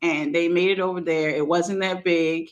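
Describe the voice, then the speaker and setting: A woman co-hosting a casual podcast chat, telling a story in an animated, colloquial way with frequent laughter. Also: lowish voice, normal speed, lo-fi sound. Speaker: podcast co-host.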